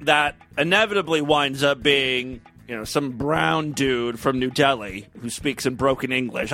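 A sarcastic male podcast host who rambles and swears as he talks. His voice sits a bit high for a man, and faint music plays behind him. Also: moderate pace, few pauses, sharp tone. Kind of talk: casual monologue and comic reading.

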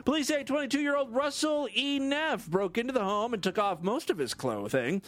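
A man's voice: extremely high pitch, expressive, moderate pace, fairly bright tone. A man hosting a comedy podcast, reading odd news stories with jokey asides and frequent laughs. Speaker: podcast host.

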